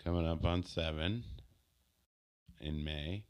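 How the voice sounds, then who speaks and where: An easygoing young man from the United States co-hosting a casual podcast. His voice is extremely deep, and he speaks slowly and without hurry. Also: clean tone. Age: young adult. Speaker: podcast co-host. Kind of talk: casual chat.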